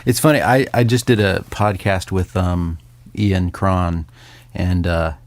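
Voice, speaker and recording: A man, a songwriter and author, talking casually and thoughtfully, with pauses and easy laughter. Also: low voice, fairly even intonation, dry recording. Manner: reflective, hesitant, laughs easily. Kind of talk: casual conversation.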